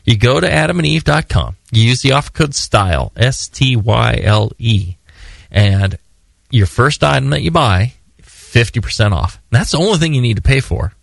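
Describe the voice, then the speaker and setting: Man, gravelly low voice, dry close sound, rambling joking ad read. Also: lively intonation, moderate pace, no room sound. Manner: rambling, joking, repeats himself. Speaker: podcast host. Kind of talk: casual podcast ad read.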